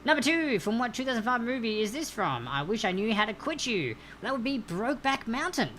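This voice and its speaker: A woman's voice: fairly high pitch, sing-song, fairly quick, fairly bright tone, slight background noise. A woman hosting a live-streamed trivia night, reading out answers in a chatty, upbeat way and greeting viewers by name. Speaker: trivia host.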